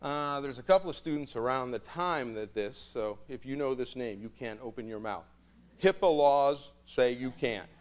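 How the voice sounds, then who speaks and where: A male priest telling stories in a sermon, an animated storyteller who laughs often. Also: medium pitch, normal speed.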